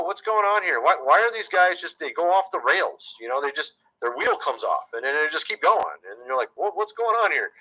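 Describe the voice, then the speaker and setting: A man's voice: on the high side, bright, forceful tone, rough recording. A man talking casually to his viewers as a YouTube commentator, chatty and conspiratorial, often calling them "folks".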